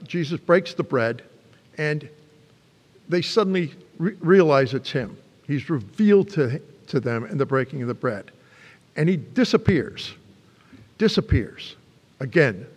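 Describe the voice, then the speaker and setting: An older man preaching a sermon in a church, telling the story with lively swings in his voice. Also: big-room sound. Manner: animated storytelling, pitch swings for emphasis.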